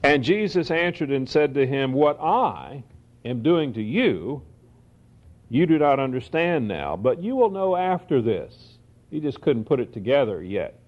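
A mid-pitched man teaches the Bible verse by verse. He lingers over scripture and then moves quickly through plain asides. The recording is dull and lo-fi. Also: sing-song.

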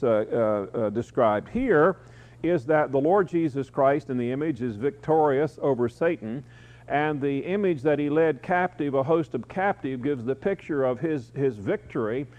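A man preaching an evening Bible-study sermon, teaching verse by verse and pausing often on "uh". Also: fairly high pitch, a little mellow. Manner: teaching, with frequent "uh" pauses. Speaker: pastor.

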